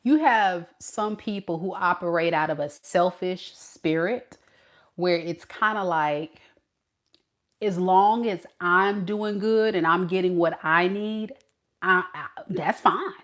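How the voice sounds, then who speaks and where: A woman giving a tarot reading to her viewers, blunt and animated, talking straight to them as y'all. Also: on the low side, slow. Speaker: tarot reader.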